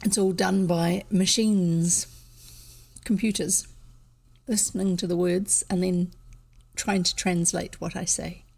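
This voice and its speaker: A woman's voice: on the low side, flat delivery, takes it slowly, creaky, pauses often, a little mellow, husky. A woman with a New Zealand accent who reads storybooks aloud, chatting casually and at a rambling pace between chapters while she snacks. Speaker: storybook reader.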